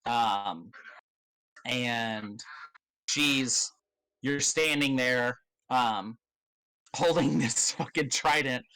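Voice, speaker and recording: Slow-talking game master, bright voice. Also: male voice, medium pitch, smooth, rough recording. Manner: loose, halting narration with many ums and swearing. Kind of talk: narrating a tabletop game.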